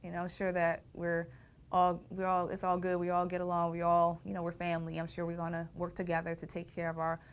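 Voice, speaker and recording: A woman's voice: lowish voice, completely flat delivery, fairly quick, smooth. A middle-aged woman telling her family story in an interview, reflective and often laughing through painful memories. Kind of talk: personal storytelling.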